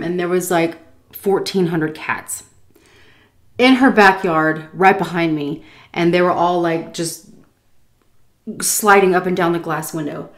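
A woman in her thirties from the United States, casually telling an animated story while eating, often laughing and acting out voices. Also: lowish voice, normal speed. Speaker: food vlogger telling a story.

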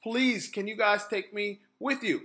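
A man's voice: high voice, steady tone, a little slow, bright, forceful tone. A man voicing a desperate male frog in a spoken fable, begging and eager. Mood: pleading. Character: pleading male frog, desperate then boastful.

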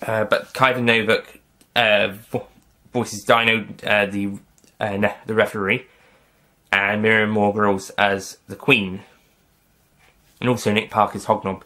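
Rambling, lowish-voiced male film reviewer. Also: level tone, a little slow, pauses often, sharp tone. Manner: rambling, self-correcting, light joking asides. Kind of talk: casual spoken review.

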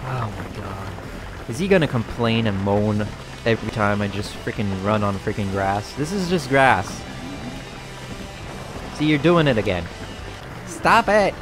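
A man giving sweary, animated let's-play commentary as a gaming YouTuber, laughing often. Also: fairly low pitch, unhurried, long pauses, music in the background.

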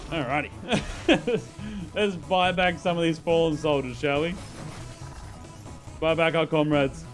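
A young man streaming a video game, chatting casually and excitably, swearing and laughing as he plays. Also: a little high. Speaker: gaming streamer. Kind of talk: live gameplay commentary.

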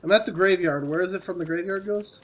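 A man's voice: sits high, quick pace. A man asking questions and reacting plainly in casual chat while playing a co-op game. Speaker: gamer.

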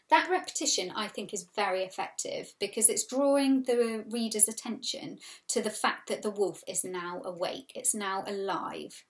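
Expressive woman teacher reading aloud. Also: mid-range voice, normal speed, hardly any pauses. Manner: expressive read-aloud with patient vocabulary explanations. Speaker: primary school teacher. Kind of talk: recorded storybook reading lesson.

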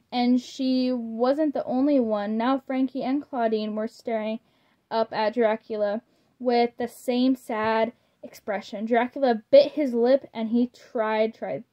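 A woman reads a children's storybook aloud at a slow, careful pace. Her voice sits fairly high, and she trips over words and corrects herself. The audio is a little dull and lo-fi. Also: fairly even intonation. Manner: slow, stumbling, apologizes for misreadings. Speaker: storybook reader. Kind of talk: reading a children's book aloud. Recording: slightly muffled lo-fi audio.

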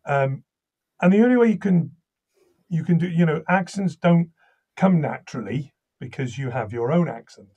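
A man from Wales with a slight Welsh accent, a voice actor and audiobook narrator telling animated stories in an interview, often restarting his sentences. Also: fairly high pitch, normal speed, husky, muffled recording. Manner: animated anecdotal storytelling, many restarts. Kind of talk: interview conversation.

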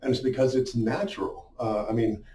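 A man's voice: mid-range voice, moderate pace. Man talking from across an echoey room. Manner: relaxed, many fillers, demonstrates gestures. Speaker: business speaker. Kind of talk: casual instructional talk. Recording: roomy echo, mic at a distance.

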